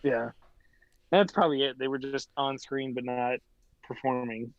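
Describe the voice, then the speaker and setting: A man's voice: mid-range voice, steady tone, normal speed, no echo. A man co-hosting a casual podcast, easygoing, laughing often and leaning on fillers. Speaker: podcast co-host. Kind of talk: casual chat. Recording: dull, lo-fi mic.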